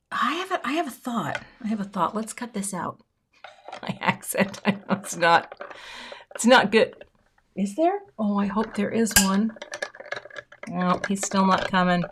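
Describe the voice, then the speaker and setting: A woman's voice: medium pitch, a bit bright. This is a chatty American woman hosting a live crafting stream. She talks loosely as she works, greeting viewers by name and poking fun at herself. A faint hiss of noise sits under her voice. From United States. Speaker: card-making livestream host. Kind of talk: casual live crafting chat.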